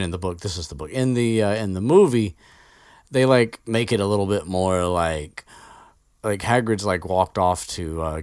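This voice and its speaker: A man's voice: low voice, dry recording, studio quality. A man hosting a podcast, recapping a book in a casual, rambling way with lots of fillers and offhand swearing.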